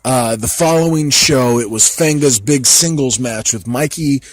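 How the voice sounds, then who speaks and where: A man hosts a casual podcast interview, asking his guest loose questions. His voice sits at an ordinary pitch and sounds dry and close to the mic. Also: unhurried, dry recording. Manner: relaxed, prompting questions, laughs along. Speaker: podcast host.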